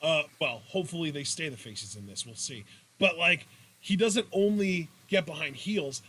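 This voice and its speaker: A man's voice: fairly high pitch, animated, moderate pace, bright, forceful tone, slight background noise. A young man co-hosting a wrestling podcast, talking bluntly and heatedly with lots of swearing. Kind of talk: casual profane chat.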